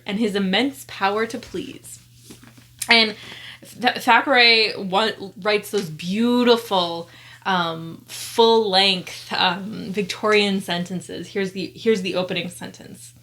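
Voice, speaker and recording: A woman's voice: mid-range voice, fairly bright tone. Woman book vlogger, casual chat, reads blurbs aloud, lots of fillers and restarts. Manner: chatty, many fillers and self-corrections. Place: at home among piles of books.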